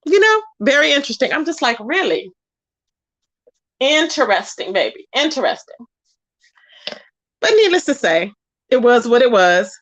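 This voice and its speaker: A woman's voice: on the high side, very animated, brisk, fairly bright tone, no echo, lo-fi sound. A woman hosting a casual gossip commentary stream, sassy and blunt, scolding people she talks about and greeting viewers by name. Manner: sassy and blunt, scolding, frequent "child, okay?". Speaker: YouTube commentary host.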